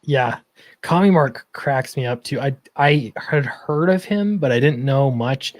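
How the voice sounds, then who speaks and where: An easygoing man hosting a casual late-night stream, agreeing and chatting loosely. His voice sits at a middle pitch, recorded dry and close. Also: measured pace, dry recording. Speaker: stream host.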